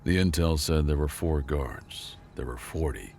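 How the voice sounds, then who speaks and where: A man voicing a tired, sarcastic human janitor in a sci-fi story, speaking flat and deadpan. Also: a bass voice, unhurried, vocal fry, a little hiss or hum, heavily acted.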